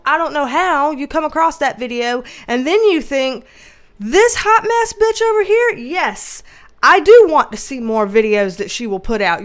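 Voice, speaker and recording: A woman hosting a casual livestream, reading chat aloud, loud and animated, laughing and swearing often. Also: high-pitched.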